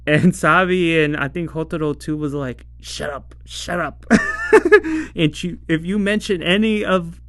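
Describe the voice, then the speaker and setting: A man's voice: fairly high pitch, a bit bright, smooth, no echo. A man casually reviewing a TV episode, rambling and laughing often as he acts out the lines. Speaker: show reviewer.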